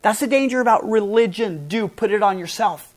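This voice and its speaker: A woman's voice: mid-range voice, a little fast. A woman pastor preaching a sermon in an earnest, emphatic way, stressing and spelling out key words.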